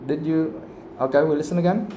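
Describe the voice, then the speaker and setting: A man's voice: fairly high pitch, brisk, warm tone, a little hiss or hum. A man with a Vietnamese accent, teaching an English lesson live and explaining patiently with many repetitions. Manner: explains patiently, repeats himself, switches into Vietnamese to clarify. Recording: echoey room.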